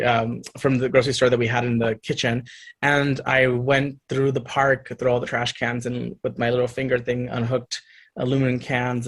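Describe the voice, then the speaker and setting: A man, an actor as a guest, telling animated stories and acting out the voices of the people in them. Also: mid-range voice. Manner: lively, acts out other people's voices in his stories.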